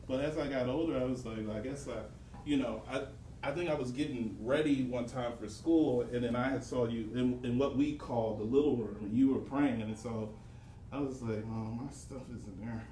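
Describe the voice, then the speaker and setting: Halting man chuckling through a story. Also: medium pitch, dark tone. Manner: halting, chuckling often, many fillers. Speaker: church executive director, adult son. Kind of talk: casual family chat. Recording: roomy, distant mic with faint noise.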